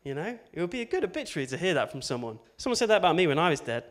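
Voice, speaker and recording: A man preaching in a relaxed, conversational way, breaking in with asides and quick tag questions. His voice sits a little higher than most men's, light and easy as he tells the story. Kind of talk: informal sermon.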